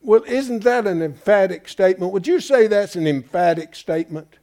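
A man's voice: sits high, animated, normal speed, mellow. A pastor preaching in an emphatic, folksy way, asking his congregation rhetorical questions. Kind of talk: sermon.

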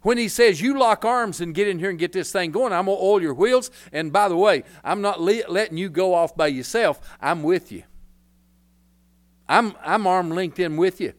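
An older man preaching a folksy, rambling sermon as pastor, breaking into loud hollers. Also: high-pitched, normal speed.

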